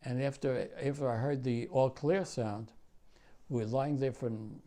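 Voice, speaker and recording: A man in his nineties, a war veteran, telling his story in an oral history interview, profane and halting with many restarts. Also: medium pitch, steady tone, warm tone. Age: 90s.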